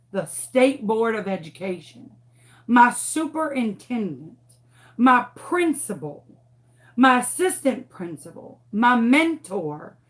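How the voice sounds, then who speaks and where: Animated woman telling a story. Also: on the high side. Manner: animated, dramatic, acts out what people said. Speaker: crafter and former schoolteacher. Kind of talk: casual storytelling during a craft tutorial.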